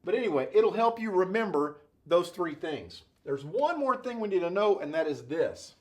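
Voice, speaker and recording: Lively, jokey male engineering instructor. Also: high-pitched, normal speed. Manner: playful, jokey, checks in with constant "okay?" and "right?". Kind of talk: classroom-style lecture at a whiteboard.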